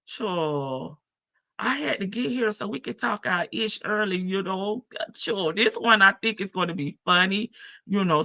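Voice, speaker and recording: A woman's voice: medium pitch, pushed and bright, no echo. A woman with a heavy morning voice, hosting a casual live stream from her front porch and greeting viewers by name.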